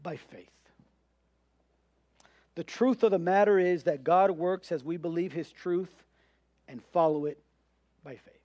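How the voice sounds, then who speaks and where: Emphatic high-voiced male preacher. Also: unhurried, long pauses, darkish tone, dry recording. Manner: emphatic preaching with rhetorical questions and voiced objections. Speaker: pastor. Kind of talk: sermon.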